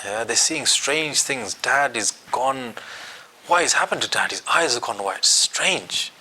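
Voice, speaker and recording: A man's voice: medium pitch, animated, unhurried, sharp tone, a little hiss or hum. A man teaching a Quran commentary class, quizzing his students and acting out quotes.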